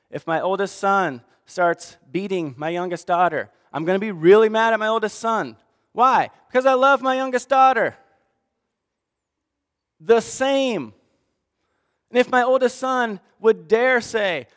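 A man preaching a sermon, swinging between hushed asides and fired-up outbursts. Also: sits high, measured pace, big-room sound. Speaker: pastor.

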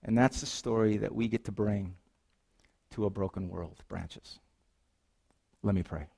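A middle-aged man as a pastor, preaching a sermon in a church, moving between lively storytelling and hushed, earnest reflection. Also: on the low side, measured pace, creaky, breathy edge. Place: church sanctuary.

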